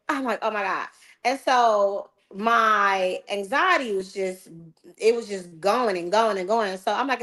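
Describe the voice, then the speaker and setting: A middle-aged woman hosting a podcast, retelling a travel mishap in a casual, animated and exasperated way, with laughs. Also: fairly high pitch, a little slow. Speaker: podcast host. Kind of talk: casual storytelling.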